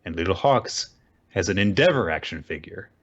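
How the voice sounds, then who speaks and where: The highs are cut off in this clip of a low-pitched man talking at a moderate pace. As co-host of a casual manga recap podcast, he animatedly retells scenes and voices the quoted lines himself.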